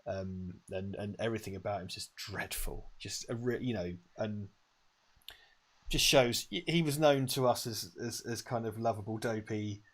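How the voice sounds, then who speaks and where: A man's voice: lowish voice, moderate pace. A man co-hosting a casual watch-party chat, rambling and swearing as he retells scenes with emphasis. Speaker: co-host. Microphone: lavalier.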